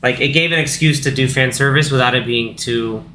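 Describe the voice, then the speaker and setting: A man co-hosting a film podcast, chiming in with quick reactions and questions and thinking aloud with restarts. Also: mid-range voice, bright, forceful tone. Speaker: podcast co-host. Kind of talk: casual film discussion. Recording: echoey room with faint noise.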